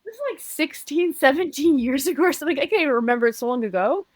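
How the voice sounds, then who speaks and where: A woman from Uruguay, a podcast guest, telling a personal story in an earnest, halting way with many restarts. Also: high voice, animated, no echo.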